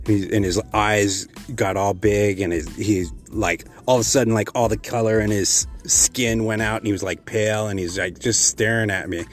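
Deep-voiced man telling a rambling story. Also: fairly even intonation, moderate pace, few pauses, soft background music. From Texas. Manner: rambling, profane, many fillers and restarts. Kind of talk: casual spoken storytelling.

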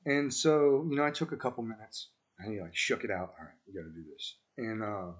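A man in his thirties with a somewhat low voice hosts a conversation. He speaks in a reflective, halting way. He fills his pauses with lots of small fillers. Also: animated. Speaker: podcast host, former Marine squad leader. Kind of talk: conversational interview.

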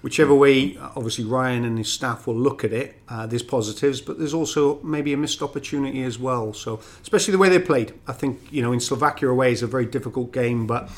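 A Welsh man who is a former footballer, giving measured, reflective football analysis. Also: mid-range voice. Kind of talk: casual football punditry.

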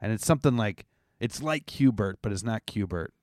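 A man's voice: fairly low pitch, expressive, moderate pace, a little mellow, no echo, studio quality. A man from Canada, co-hosting a casual podcast chat with joking, wry asides. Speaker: podcast co-host.

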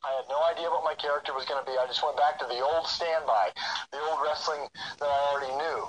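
A man's voice: fairly high pitch, quick pace, slight background noise, low-quality recording. A middle-aged man, a wrestler being interviewed, telling his story candidly with lots of restarts and fillers. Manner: animated, full of restarts and fillers, acts out quoted voices. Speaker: guest, professional wrestler.

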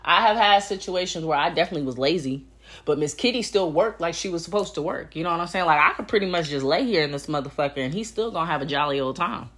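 A young woman talking straight into her own podcast, blunt and full of swearing. Her voice leaps up high when she is outraged and drops low and quiet when she is dismissive, so her pitch swings widely. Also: quick pace. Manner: blunt, profane, animated storytelling with big pitch swings. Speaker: podcast host. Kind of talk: casual solo podcast rant.

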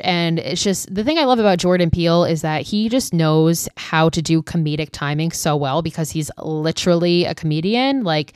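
A woman's voice: deep voice, clean tone, no echo, clean studio sound. A young woman hosting a podcast, recapping a film in a loose, chatty way with lots of filler words and casual swearing. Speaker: podcast host.

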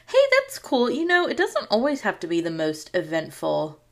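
A woman's voice: lowish voice, wildly swooping pitch, moderate pace, a bit bright. A woman co-hosting a podcast, chatting casually and recapping a sitcom episode, laughing often. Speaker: podcast co-host.

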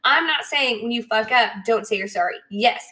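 A young woman hosting a podcast, talking casually and directly to her listeners with lots of "like" and "right?" and quick acted-out asides. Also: on the high side. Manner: chatty, frequent "like" and "right?", animated quoted asides. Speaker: podcast host.

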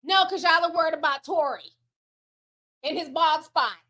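A woman's voice: high voice, measured pace, bright, forceful tone. A woman hosting a casual livestream, reading super chats and giving sassy commentary that is full of swearing and spoken straight to her chat.

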